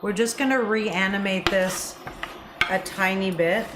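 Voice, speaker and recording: A middle-aged woman talks casually while she cooks, rambling off on tangents and swearing freely. Her voice sits at a middle pitch. The sound comes from an echoey kitchen with noise behind. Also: fairly even intonation, a little slow. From Canada. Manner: chatty, swearing, rambling asides. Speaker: cooking show co-host. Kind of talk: casual cooking chat.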